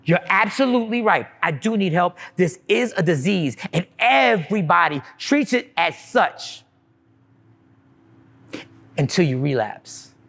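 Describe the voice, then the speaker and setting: A man delivering a comic stand-up style monologue, animated and mocking the voices of others. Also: high-pitched, unhurried, gravelly. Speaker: comedian.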